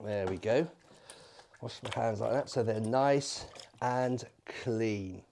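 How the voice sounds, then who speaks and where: A man leading family worship as a vicar, telling a Bible story in an animated, playful way with props. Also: medium pitch, takes it slowly, creaky, a little hiss or hum. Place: church.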